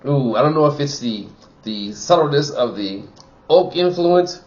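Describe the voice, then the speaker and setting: A man's voice: mid-range voice, animated, a little slow, a little mellow, lo-fi sound. A man giving a casual wine tasting review, chatty and full of "you know" fillers, from Wisconsin.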